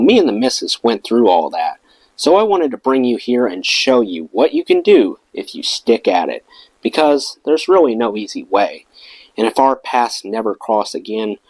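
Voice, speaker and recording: A man's voice: on the low side, big pitch swings, normal speed, poor audio. A man reading the lines of a kindly veteran rock singer giving earnest, encouraging advice.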